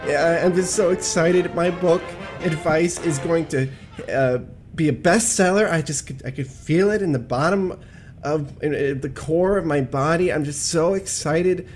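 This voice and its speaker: A man's voice: a little high, unhurried, faint music behind, natural voice. A man playing a naive, overexcited radio host who stammers and gushes in a satirical radio sitcom. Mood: giddy. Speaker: show host.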